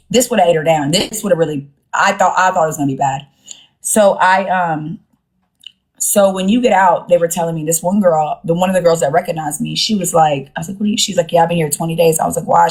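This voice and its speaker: A young woman with a low voice chats into her phone on a live stream. She rambles through a story, slangy and loose, slipping into the voices of the people she quotes. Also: a little mellow.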